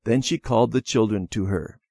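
A man reading a children's story lesson in a measured storybook manner. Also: fairly low pitch, gravelly, darkish tone, slightly rough, no echo, studio quality. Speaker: reader. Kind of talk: scripted narration of a children's lesson.

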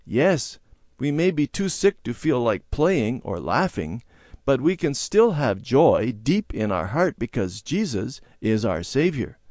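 A patient, kindly Sunday school teacher, gently instructing young pupils, as a male reader voices her. The tone lifts a little above plain speech and moves in lively, teaching contours, recorded dry and close. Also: mid-range voice, measured pace, no echo. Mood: gentle.

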